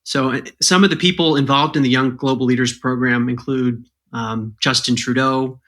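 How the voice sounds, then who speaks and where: A man appearing as an author guest on a podcast, explaining his points in a measured, step-by-step way. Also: mid-range voice, fairly even intonation, fairly bright tone.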